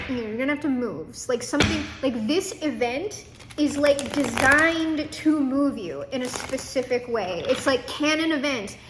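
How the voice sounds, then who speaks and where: A woman's voice: sits high, noisy background. A young woman giving a chatty, casual tarot reading to her viewers, swearing and laughing as she goes. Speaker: tarot reader.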